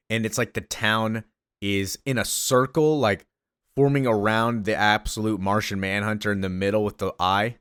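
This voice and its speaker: A man recapping a comic book in a casual, excited way, gushing about it with lots of fillers. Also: fairly low pitch, moderate pace, clean tone, dry recording, studio quality.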